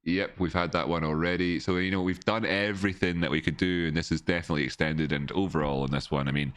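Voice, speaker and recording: A man talks through market charts on a casual home livestream, and his voice sits very low. He rambles, restarts his words and breaks off to chat with his viewers. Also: fairly even intonation, fast, a bit bright, no echo, studio quality. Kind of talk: casual live-stream chart analysis.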